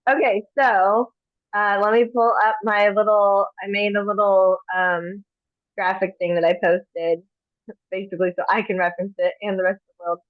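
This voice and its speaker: A woman co-hosting a casual chat on a video call, chatty and quick to react. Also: medium pitch, level tone, dry recording, phone-quality sound. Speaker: co-host.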